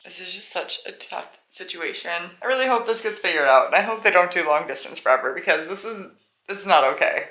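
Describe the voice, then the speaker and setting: A woman's voice: fairly low pitch, expressive, a little fast, sharp tone. A young woman chatting casually in a reading vlog, gushing and laughing easily as she talks. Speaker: book vlogger. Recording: echoey room.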